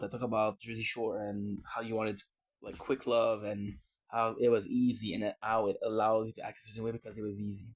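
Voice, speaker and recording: A man's voice: on the low side, slightly rough. A man vlogging in a casual, rambling way, often restarting and repeating words. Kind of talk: casual rambling livestream talk.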